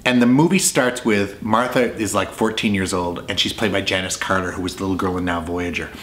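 A man's voice: low-pitched, fairly quick, fairly bright tone, slight background noise. A man reviewing a classic film in a casual way, retelling the plot as a chatty storyteller who acts out the scenes.

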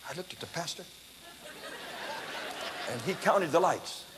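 An older man preaching a testimony sermon, telling his story in an animated, dramatic way that breaks into loud exclamations. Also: on the high side, a little slow, a loud crowd. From United States. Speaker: evangelist preacher. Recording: echoey hall, faint background noise.

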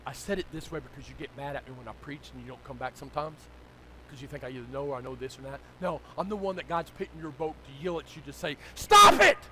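A male pastor, preaching a sermon that moves from low, conversational storytelling to loud, shouted exhortation. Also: fast talker, very noisy.

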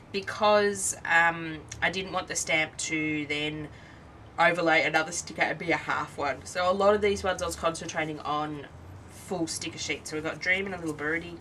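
A weary Australian woman shows off her crafts in a casual video, her lowish voice bright and forceful. Chatty and rambling, she keeps interrupting herself, and the rough recording from a distant mic carries a little hiss or hum.

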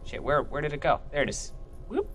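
A young gaming YouTuber does let's play commentary, goofing around, joking and swearing as he plays. His slightly high voice swings widely in pitch, moves fairly quickly and sounds a bit bright, with slight background noise.

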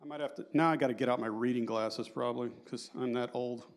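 A man in his fifties giving a lively, joking conference talk and quizzing the audience. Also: mid-range voice, quick pace. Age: 50s. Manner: animated and joking, asks the audience questions. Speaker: conference speaker.

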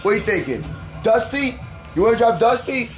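Young male gaming host, very high and animated, loud and playful with his dog. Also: brisk, soft background music. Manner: loud, playful, yelling and teasing at his puppy. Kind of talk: excitable gameplay commentary.

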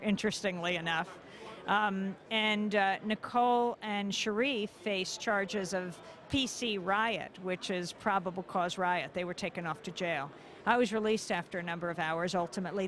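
Woman reporter as interview guest, urgent and indignant, medium pitch. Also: a bit bright. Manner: urgent, rising to indignant emphasis. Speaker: news host, interview guest. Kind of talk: interview, personal account. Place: convention hall.

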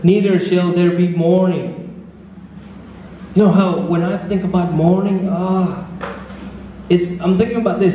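Indonesian-accented male preacher, high voice, halting storyteller; booming church echo. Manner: animated storytelling with frequent restarts. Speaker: pastor. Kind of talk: sermon. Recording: very echoey church with faint noise.

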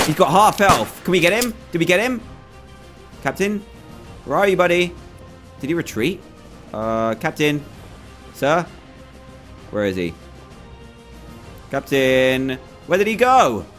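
Lively young man narrating gameplay. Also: fairly high pitch, unhurried, pauses often, soft background music. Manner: excitable, jumpy, playfully scared. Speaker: gaming YouTuber. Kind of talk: casual game commentary.

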